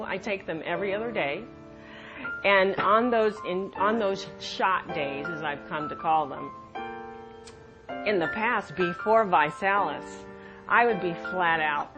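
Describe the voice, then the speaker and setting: A woman giving an earnest personal testimonial, speaking haltingly with pauses and restarts. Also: lowish voice. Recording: dull lo-fi audio with music underneath.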